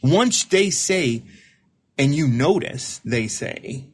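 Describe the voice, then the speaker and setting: A man's voice: fairly high pitch, animated, takes it slowly. A man serving as host and recovery mentor, explaining ideas to a caller in casual talk, often repeating and restarting words.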